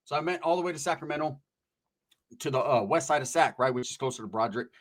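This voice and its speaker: A young man telling a rambling, profane comic story in a casual, animated way. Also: mid-range voice, fast talker. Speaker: comedic storyteller.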